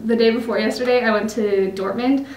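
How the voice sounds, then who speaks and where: A woman's voice: on the high side, steady tone, fairly quick, echoey room, recorded from a distance, background noise. A young woman from Utah with an American accent, chatting casually to camera in a vlog, laughing often and using lots of fillers. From Utah, United States. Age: young adult. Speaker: vlogger.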